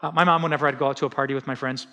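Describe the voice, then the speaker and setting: A middle-aged man preaching a sermon as pastor, animated and conversational, often acting out quotes. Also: medium pitch, rapid-fire. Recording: reverberant hall.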